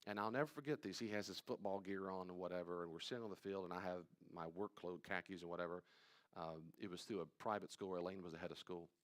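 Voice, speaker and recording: A man leading a live church study, talking conversationally with playful asides and sudden loud acted-out quotes. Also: low voice, steady tone, fast talker. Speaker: pastor teaching a study. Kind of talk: live teaching talk on anxiety. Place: church room with live audience.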